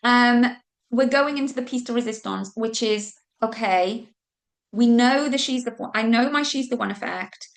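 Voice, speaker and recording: Speaking at a measured pace in a slightly high voice, a Welsh business coach hosts a live online business training. She keeps it informal, peppering her speech with "like" and "okay," and curses mildly now and then when flustered.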